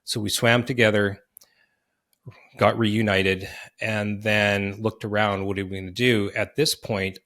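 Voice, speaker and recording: A middle-aged man hosting a podcast, earnestly telling a personal story in vivid detail with quick restarts. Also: on the low side, a bit bright. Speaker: podcast host.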